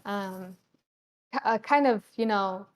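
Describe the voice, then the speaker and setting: A woman narrating a tabletop game as game master, halting with many ums and you-knows. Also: medium pitch.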